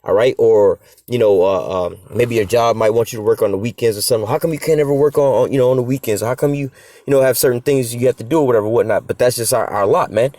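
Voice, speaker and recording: A man in his middle pitch who preaches at a quick clip, reading scripture and then breaking it down in loose street talk. He is blunt, swears in passing, and keeps tagging his points with "man" and "whatever, whatnot." His voice sounds dry and close, with no room around it. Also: dark tone, dry recording. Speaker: preacher of a religious group. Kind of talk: informal scripture teaching.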